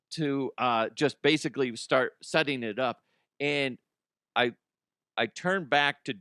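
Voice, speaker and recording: A man hosts a comedic podcast, telling stories in a loose monologue, swearing often and laughing at his own jokes. His voice is medium-pitched and a bit bright, captured as clean studio sound with no room sound.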